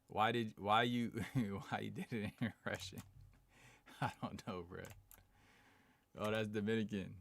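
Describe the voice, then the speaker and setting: A man's voice: on the low side, steady tone, measured pace, gravelly, pauses often, fairly bright tone. A man live streaming in a casual, slangy way, reading viewer comments aloud and chatting back. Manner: slangy, laid-back, reads chat aloud and answers it.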